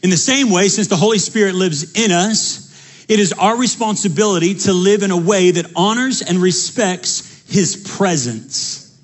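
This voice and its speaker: A young male pastor with a high, husky voice, preaching with animated energy. He repeats key lines for emphasis and often restarts his sentences mid-thought. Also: measured pace. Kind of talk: sermon.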